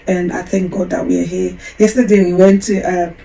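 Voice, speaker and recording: Gravelly-voiced woman telling a personal story. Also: lowish voice, little pitch movement, brisk, dark tone, a little hiss or hum, rough recording. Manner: candid, emotional, rambling with restarts. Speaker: podcast host.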